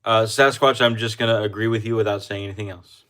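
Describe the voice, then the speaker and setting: Laid-back young guy chatting on a livestream, lowish voice, kinda rambly. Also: fairly even intonation, fast, fairly bright tone, clear, resonant tone. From United States. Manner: easygoing, rambling with restarts and laughs. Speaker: co-host of coin livestream. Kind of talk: casual livestream chat.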